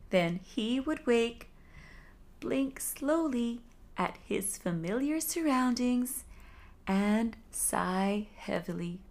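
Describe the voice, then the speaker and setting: Very slow, hushed woman storyteller. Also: medium pitch. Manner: soft and hushed, at times whispering. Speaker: sleep story narrator. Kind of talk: soothing bedtime story narration.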